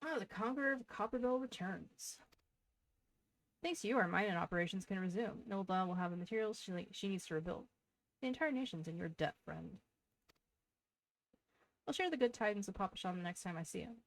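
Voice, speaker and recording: A woman reading the lines of a grateful male mining foreman in a game, quick and cheerful. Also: mid-range voice, lively intonation, dry recording, natural voice, poor audio. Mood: hearty.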